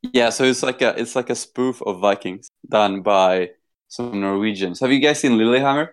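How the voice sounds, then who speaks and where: Swedish wargamer, non-native English, smooth clear voice, easy storyteller. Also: male voice, on the low side, moderate pace. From Sweden. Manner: relaxed storytelling. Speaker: tabletop wargamer. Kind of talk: casual chat.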